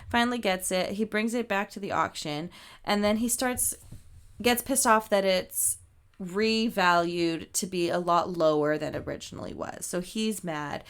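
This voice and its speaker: A woman's voice: mid-range voice, normal speed, clean tone. A woman co-hosting a podcast, animatedly retelling a movie plot in casual chat, full of "like" and casual swearing. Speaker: podcast co-host.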